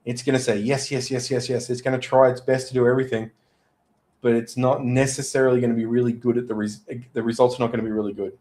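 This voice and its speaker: A man, a podcast guest chatting casually and telling stories in an animated way. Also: mid-range voice, fast talker, poor audio. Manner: animated storyteller.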